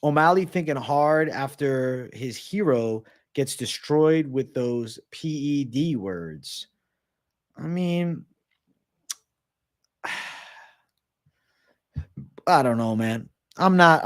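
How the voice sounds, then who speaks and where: A man's voice: lively intonation, takes it slowly, pauses often. Casual profane male livestream host. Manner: reads chat aloud and answers in a loose, profane, joking way; trails off low and quiet at the ends of answers. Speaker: livestream host answering viewer questions.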